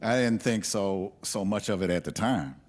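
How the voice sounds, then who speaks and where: A man shares a personal story before a live audience. His voice sits on the low side, and he speaks candidly and reflectively, pausing and restarting as he works through his memories.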